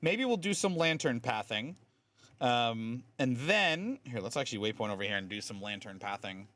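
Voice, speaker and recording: A man's voice: medium pitch, big pitch swings, moderate pace, bright, forceful tone, no echo. A man streaming a game, explaining game mechanics in a chatty way with lots of fillers. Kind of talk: casual live-stream commentary.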